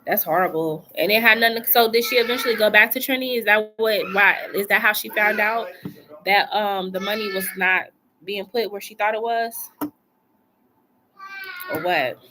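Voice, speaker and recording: A woman's voice: mid-range voice, normal speed, background noise. A woman doing a casual live tarot reading from home, chatty and colloquial, repeating phrases for emphasis. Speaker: tarot reader.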